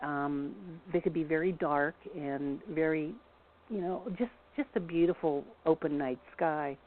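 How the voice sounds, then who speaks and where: A woman's voice: low voice, measured pace, a little hiss or hum. A woman local historian telling a story in a rambling, casual way, full of restarts. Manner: rambling, many restarts and fillers. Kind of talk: casual storytelling on a phone-in show. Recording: tinny phone line.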